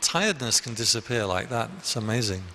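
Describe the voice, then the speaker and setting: A male Buddhist monk talks about the dharma in a meditation hall, animated and a touch fast, in a mid-range voice. His delivery is conversational and anecdotal, with many restarts. Some slight background noise can be heard.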